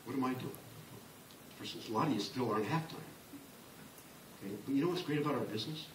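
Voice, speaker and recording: A man in his sixties giving a motivational business talk to a large room, impassioned and building to loud emphatic peaks. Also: mid-range voice, rapid-fire, background noise. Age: 60s. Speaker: motivational speaker. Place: large conference room with an audience. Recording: roomy, distant live-hall recording.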